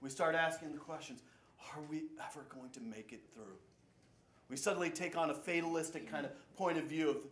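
A male pastor delivers a sermon with a high-pitched voice. He swings dynamically between loud, urgent passages and hushed, low ones. The sound carries the echo of a large room. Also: a little fast.

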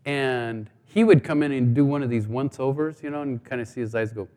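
A man's voice: mid-range voice, a little fast, warm tone. A middle-aged man giving a sermon testimony, telling stories and acting out the dialogue with humor. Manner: storytelling, acts out dialogue with humor. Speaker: guest speaker. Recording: long hall reverb.

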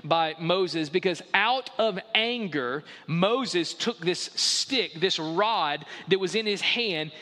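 High, bright-voiced man preaching. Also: expressive, takes it slowly, few pauses. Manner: conversational, emphatic, repeating "like". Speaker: pastor. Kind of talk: sermon. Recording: echoey hall.

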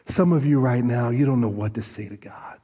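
A man pastor preaching a sermon, animated and storytelling, often restarting his sentences. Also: medium pitch, fairly quick, husky. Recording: long reverb of a large hall.

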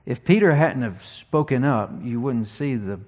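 A man preaching an expository sermon, teaching earnestly and reading scripture slowly with emphasis. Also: mid-range voice, lively intonation, darkish tone.

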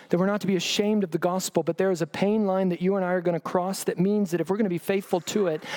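A man's voice: high-pitched, darkish tone. A man preaching a sermon, reading scripture aloud with pointed sarcastic emphasis and pressing the listeners with rhetorical questions. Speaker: pastor.

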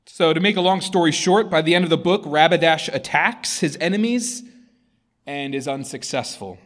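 A man, a pastor, giving a sermon and reading a story aloud with expressive delivery. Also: fairly high pitch, moderate pace.

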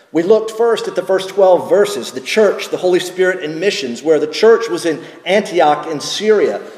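A man preaching a sermon, teaching at a measured pace and asking rhetorical questions of the congregation. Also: a little high, darkish tone, echoey room, in a large hall. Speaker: pastor.

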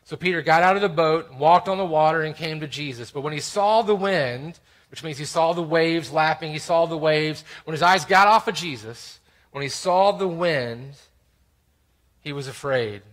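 A man's voice: a little high, moderate pace. Earnest man preaching an expository sermon. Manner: earnest, emphatic preaching, reading scripture aloud with rising stress. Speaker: pastor.

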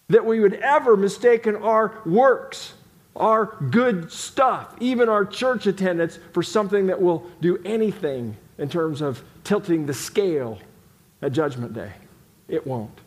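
A man with a high voice preaching an emphatic sermon, pressing his points home by repeating them. He speaks in a church sanctuary, and a long hall reverb follows his words. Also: expressive, unhurried. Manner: emphatic, repeats phrases for stress. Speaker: pastor.

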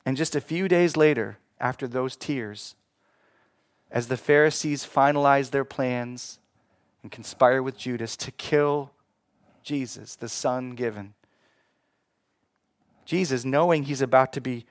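A man preaching a sermon, swinging between hushed, slow passages and loud, emphatic ones. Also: mid-range voice, no echo, studio quality. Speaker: pastor.

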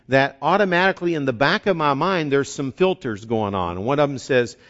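A man's voice: mid-range voice, a little fast, a bit bright. A man preaching a sermon as a pastor in an earnest, conversational way, often restarting and repeating words. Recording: dull lo-fi recording.

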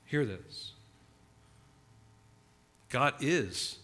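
Guy preaching, really bright ringing voice, punchy then quiet. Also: a little high, lively intonation, unhurried. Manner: emphatic preaching, swinging between loud stresses and hushed asides. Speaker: pastor. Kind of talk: sermon.

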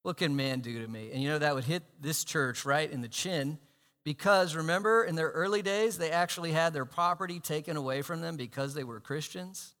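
Bright, high-voiced man preaching in a hall. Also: fairly quick. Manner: animated, swinging between loud emphasis and hushed asides. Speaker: pastor. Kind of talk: sermon. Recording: long hall reverb.

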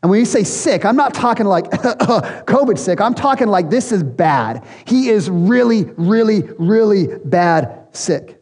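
A man's voice: high-pitched, expressive, measured pace, few pauses, darkish tone. A man preaching a sermon as pastor to a church congregation, in an earnest, conversational way. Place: church hall. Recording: long hall reverb.

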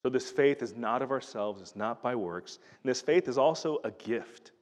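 A man's voice: medium pitch, lively intonation, normal speed. A middle-aged man preaching a sermon in an earnest, conversational way, often restarting his sentences. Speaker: pastor. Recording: reverberant hall.

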